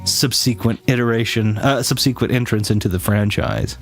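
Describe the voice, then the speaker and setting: A man's voice: on the low side, fairly even intonation, normal speed, soft background music. A man chatting casually on a live stream, rambling with many restarts and fillers, teasing his chat now and then.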